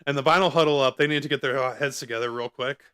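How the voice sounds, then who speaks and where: A man's voice: medium pitch, fast, clean tone. Chatty man calling a game from home. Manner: relaxed, chatty calls with frequent asides and fillers. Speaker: live-stream host and commentator. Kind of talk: casual play-by-play commentary. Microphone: close microphone in front of his face.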